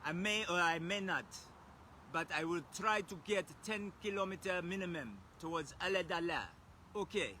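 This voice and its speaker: An Australian man putting on a stiff, oddly formal speaking voice, slow and over-precise. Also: sits high, bright, forceful tone, a little hiss or hum, pitched above the performer's own voice. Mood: stilted. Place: outdoors by a road, windy.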